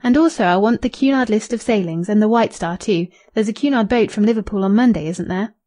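A woman reading as a brisk young man about town. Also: mid-range voice, warm tone, lightly acted.

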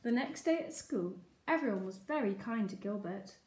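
Expressive teacher reading aloud. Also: female voice, mid-range voice, normal speed, slight background noise. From England. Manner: expressive, lively read-aloud. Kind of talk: children's story reading. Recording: echoey room.

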